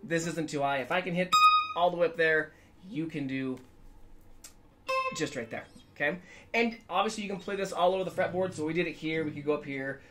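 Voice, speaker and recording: In a slightly high, brisk voice that pauses often, a man leads a casual guitar lesson. Upbeat and talkative, he sometimes sings notes to demonstrate the method.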